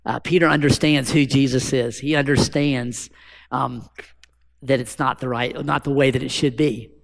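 A man's voice: mid-range voice, fairly even intonation, normal speed, vocal fry. A man preaching a sermon as pastor, talking conversationally and asking the congregation rhetorical questions. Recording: long hall reverb.

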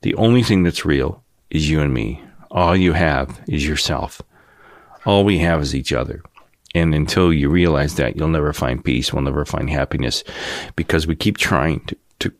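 Channel host, man in his fifties, very low voice, dry close sound, cynical rambling monologue. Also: dry recording. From Cleveland, Ohio area. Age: 50s. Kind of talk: casual monologue rant.

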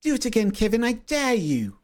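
A man's voice: very high-pitched, huge pitch swings, fairly quick, a little mellow, voice pushed up, exaggerated voice. A man voicing a bossy, cheery South African woman tennis coach in a mock South African accent, barking short commands. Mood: bossy teasing.

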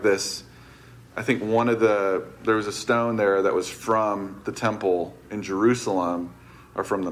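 Lowish-voiced guy teaching a bible class, chatty, trips over words, laughs a lot. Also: fairly bright tone. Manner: chatty, loose and self-correcting, laughs easily.

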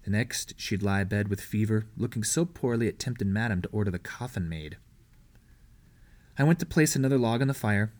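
A man reading a historical novel aloud as an audiobook. His storytelling is steady and measured. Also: fairly low pitch. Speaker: audiobook reader. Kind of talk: audiobook narration.

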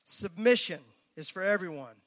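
A man preaches at a church service, his voice pitched high and ringing bright. He talks emphatically but conversationally, mixing the sermon with folksy asides. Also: animated, normal speed. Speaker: pastor.

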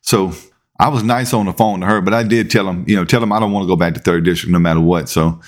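A man's voice: low-pitched, fast talker. A man who hosts a podcast, telling a long personal story in a casual way and acting out the quoted dialogue. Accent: Southern US. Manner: animated, acts out quoted dialogue. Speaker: podcast host and police officer.

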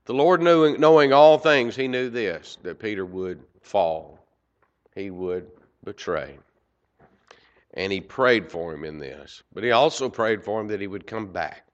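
A man preaching a sermon, swinging from loud emphasis to quiet asides. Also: deep voice, lively intonation, unhurried. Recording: dull lo-fi recording.

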